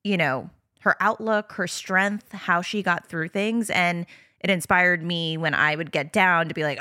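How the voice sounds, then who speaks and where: Woman podcaster rambling along, bright tone, pretty low pitch. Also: steady tone, a little slow, dry recording, studio quality. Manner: chatty, rambling, laughs often. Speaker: podcast host. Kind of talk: casual chat.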